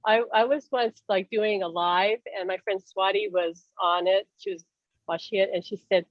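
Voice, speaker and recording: A woman's voice: mid-range voice, fairly even intonation, moderate pace, no echo, lo-fi sound. A woman hosting a casual chat about spirit contact, telling stories animatedly and laughing often. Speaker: host, spiritual medium. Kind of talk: casual video-call chat.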